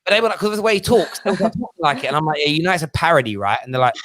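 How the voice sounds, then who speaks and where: A man hosting a lively football fan panel, full of quick teasing banter. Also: a little high. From England. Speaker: host of a football fan show.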